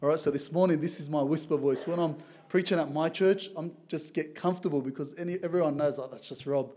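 A man from Lebanon preaching a sermon as a visiting preacher, reading scripture aloud in a loud, earnest way. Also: a little high, fast talker. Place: church.

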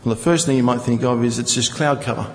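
A man's voice: mid-range voice, fast talker, in a large hall, rough recording. A male preacher teaching from scripture, reading verses and explaining them with rhetorical questions. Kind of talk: Bible teaching sermon.

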